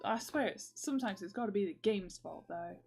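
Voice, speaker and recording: A woman's voice: medium pitch, lively intonation, a little fast, gravelly, a little mellow, husky, soft background music. A young woman vlogging in casual, rambling chat, full of fillers and giggles.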